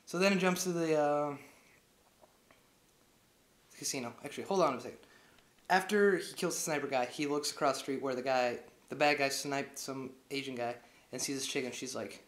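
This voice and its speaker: A man's voice: medium pitch, fairly quick, fairly bright tone. A young man casually recapping a movie plot, rambling and full of filler words. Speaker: movie reviewer. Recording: echoey room.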